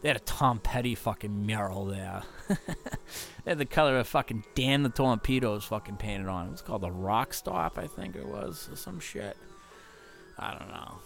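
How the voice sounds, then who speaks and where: A man's voice: medium pitch, expressive, normal speed, creaky, fairly bright tone, faint music behind. Rambling, foul-mouthed touring musician guy. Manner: loose, profane, rambling with constant fillers. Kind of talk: rambling casual tour recap.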